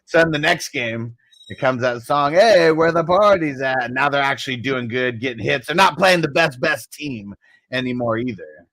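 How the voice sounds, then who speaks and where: A man co-hosting a podcast, relaxed and agreeable, swearing casually. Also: medium pitch, moderate pace, vocal fry, no room sound. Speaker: podcast co-host. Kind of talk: casual chat.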